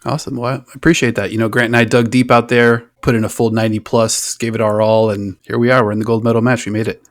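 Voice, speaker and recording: A man hosting a sports podcast, soft-spoken and laid-back. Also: medium pitch, level tone, quick pace, no echo, clean studio sound. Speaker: podcast host. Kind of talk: podcast interview.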